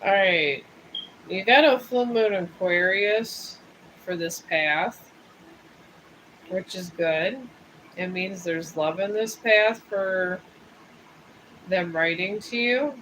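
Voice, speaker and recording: Male tarot reader on a livestream; high-ish voice, rambling and chatty, laid-back. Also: slow, pauses often, pushed and bright, a little hiss or hum, low-quality recording. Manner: rambling and chatty, drifting between topics. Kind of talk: casual livestream chat. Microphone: streaming setup.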